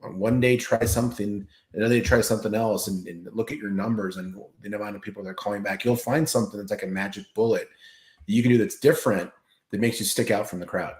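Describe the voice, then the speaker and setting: A man chatting casually and giving relaxed advice as host. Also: fairly low pitch, quick pace. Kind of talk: casual chat. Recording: roomy echo.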